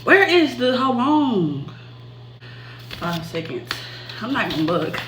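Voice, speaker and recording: Stressed woman filming herself, slow and echoey. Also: on the high side, big pitch swings, fairly bright tone, slight background noise. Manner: stressed, swearing, half-whispering at times. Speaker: vlogger. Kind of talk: self-filmed home vlog.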